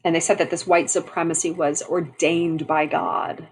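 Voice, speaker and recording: Low, breathy woman teaching history. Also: little pitch movement, normal speed, low-quality recording. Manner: conversational, frequent fillers and restarts. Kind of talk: history lesson mixing reading and explanation.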